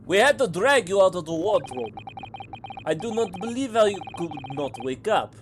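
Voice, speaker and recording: A man voicing a gruff, threatening male Russian ship officer with a put-on Russian accent, over game music. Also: sits high, big pitch swings, moderate pace, slight background noise, pitched above the performer's own voice. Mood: scornful. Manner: loud, threatening, clipped.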